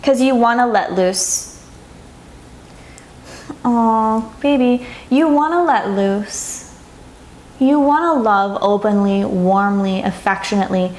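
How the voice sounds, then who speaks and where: A woman reading tarot cards to her viewers, speaking softly and warmly, sometimes moved to tears. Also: medium pitch, takes it slowly, pauses often, echoey room, slight background noise. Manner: soft, emotional, gets teary and laughs. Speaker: tarot reader. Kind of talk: pick-a-card tarot reading to camera.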